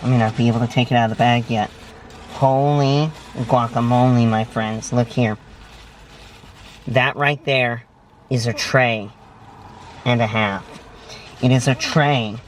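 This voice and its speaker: A vlog host reviews food from inside his parked vehicle in a casual, gushing, emphatic style full of dramatic word choices. He has a mid-range voice, and there's a little hiss or hum in the recording.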